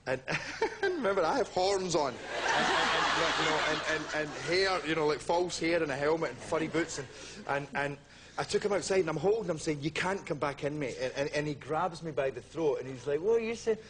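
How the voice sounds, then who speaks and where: A Scottish man, a talk show guest, telling animated anecdotes, laughing through them, with many restarts and acted-out voices. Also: on the high side, a little fast, a crowd in the background. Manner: laughs through his stories, stacks up restarts and acts out quoted voices. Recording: heavy background noise.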